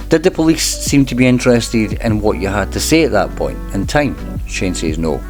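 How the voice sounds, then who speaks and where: A man hosting a channel, reading a court transcript aloud at a measured pace and breaking in with dry, wry asides. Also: on the low side, darkish tone.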